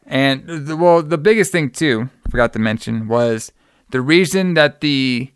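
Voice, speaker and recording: Loose, profane male host recapping a movie, smooth voice, dry close sound. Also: medium pitch, animated, measured pace, no room sound. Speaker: podcast host.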